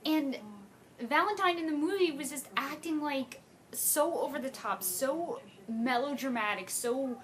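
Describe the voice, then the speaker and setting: A young woman with a slightly high voice talks through a casual video review. She sounds animated and exasperated, and her frustration keeps spilling into sharp, rising outbursts. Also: unhurried. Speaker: book fan reviewing a film adaptation.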